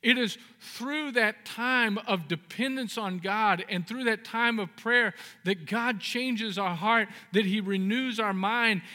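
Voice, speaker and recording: A male pastor delivering an earnest sermon in a high, bright voice. He swings from folksy, joking stories to emphatic peaks of exhortation, and his words ring out with a long reverb across a church sanctuary from a stage microphone. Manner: folksy storytelling with jokes. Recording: reverberant hall.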